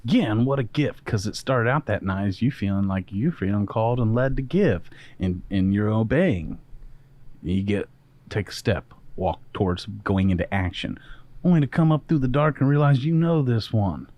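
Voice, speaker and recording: A man's voice: lowish voice, animated, moderate pace, darkish tone, dry recording. A man hosting a casual podcast, an emphatic storyteller and mentor.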